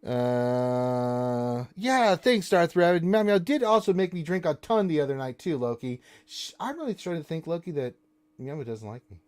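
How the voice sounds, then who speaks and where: Speaking straight into a desk mic, a man hosts a casual live stream in a slightly high, sing-song, darkish voice at an unhurried pace. He answers chat questions and ribs his viewers and co-host with playful, mock-offended banter.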